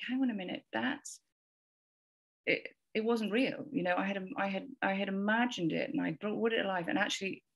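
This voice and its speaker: A gravelly, mid-range voice belongs to this podcast guest, an English woman in her forties. In casual conversation she shares a rambling, heartfelt parenting story, repeating words often and quoting both herself and others.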